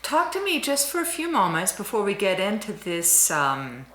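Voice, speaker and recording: A woman's voice: medium pitch, huge pitch swings, moderate pace, pushed and bright, reverberant. A woman hosting a talk show, asking questions and prompting her guest with short affirmations. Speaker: interviewer host.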